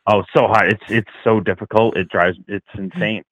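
A man's voice: on the low side, steady tone, moderate pace, fairly bright tone, no room sound, low-quality recording. A man with a Boston accent, calling in to a talk show, joking in a wry, self-mocking, loose way. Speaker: caller, lawn care business owner. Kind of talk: joking casual chat.

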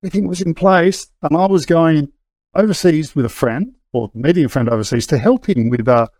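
A man's voice: a little high, a little fast, no echo. Frank man, dry close sound. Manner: frank, lively, with frequent hesitations and restarts. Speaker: interview guest. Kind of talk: candid conversational storytelling.

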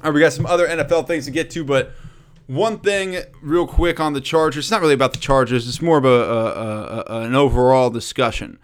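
A man hosting a casual solo sports talk show, blunt and profane, riffing with loud and quiet swings. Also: medium pitch, a little fast, clear, resonant tone.

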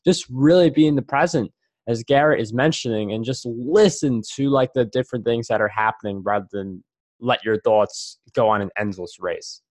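A man's voice: mid-range voice, moderate pace, a little mellow, dry recording. A man hosting a podcast, talking in a loose, reflective way with many fillers. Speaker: podcast host. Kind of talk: casual podcast conversation.

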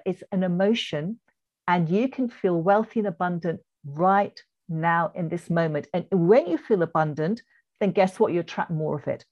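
A woman's voice: on the low side, a little mellow. Encouraging English-accented woman coach, podcast guest, slightly dull audio. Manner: earnest, encouraging, reflective. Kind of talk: podcast interview.

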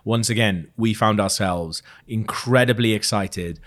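A man with a Welsh accent co-hosting a casual film podcast, excitable, laughing often and swearing casually. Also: fairly low pitch, measured pace. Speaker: podcast co-host.

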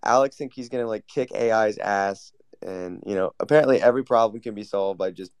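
A low-voiced man with a gravelly fry hosts a loose casual chat. He teases the others with deadpan, mock-earnest sarcasm. His voice sounds dry and close to the mic. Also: fairly quick, no echo. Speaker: host.

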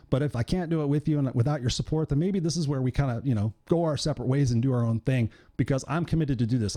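A middle-aged man delivers a motivational talk as a coach and podcast host, blunt and direct with plenty of swearing. His voice sits at an ordinary pitch with a mellow, relaxed tone. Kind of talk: motivational monologue.

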